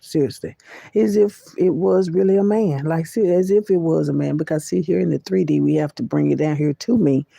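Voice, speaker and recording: A woman's voice: deep voice, brisk, creaky, warm tone, no echo. A woman vlogger in casual spiritual talk, speaking to her viewers in a folksy way, calling them baby and y'all and often insisting she's serious. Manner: folksy, calls listeners baby and y'all, repeats "I'm serious".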